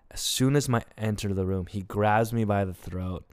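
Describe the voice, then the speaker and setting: Alone on his comedy podcast, a young man rambles through an emotional personal confession, using lots of fillers. He speaks at normal speed in a low-pitched, clear, resonant voice with a slightly mellow quality, on a dry recording.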